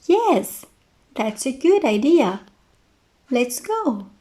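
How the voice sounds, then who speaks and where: A woman playing a friendly young woman in a teaching dialogue, chatting politely and casually. Her voice sits high and the delivery is unhurried. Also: sing-song, dark tone, exaggerated voice.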